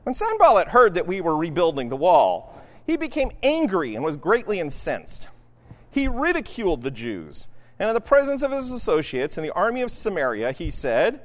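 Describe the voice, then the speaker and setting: A man's voice: sits high, huge pitch swings, normal speed, big-room sound. A man preaching a sermon in a casual, conversational way, often checking in with "right?". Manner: conversational, keeps asking "right?". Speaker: pastor.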